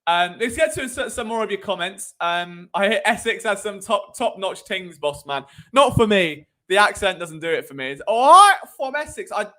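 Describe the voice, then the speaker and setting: A man hosting a live sports stream. He talks in an animated, sarcastic way and drifts into tangents. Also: sits high, moderate pace, few pauses. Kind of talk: live sports commentary chat.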